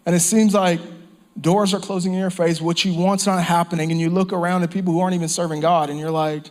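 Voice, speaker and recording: A man preaching a sermon with fervor. His voice sits a little higher than most men's. He repeats his phrases for weight and at times falls to a hush. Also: level tone, fast. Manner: impassioned preaching with repeated phrases and dropped whispers. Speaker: pastor. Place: church or campground service.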